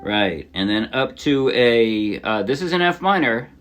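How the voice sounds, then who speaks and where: A man teaching a song on ukulele in a relaxed, casual way, often correcting himself as he explains. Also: mid-range voice, a little slow, over loud music. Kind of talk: casual instructional talk. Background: his own ukulele playing.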